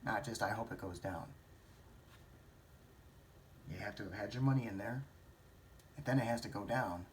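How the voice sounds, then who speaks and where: Speaking on the low side at normal speed and pausing often, a stock trading vlogger mulls over a trade aloud, rambling and self-questioning, with occasional swearing. A little hiss or hum is audible.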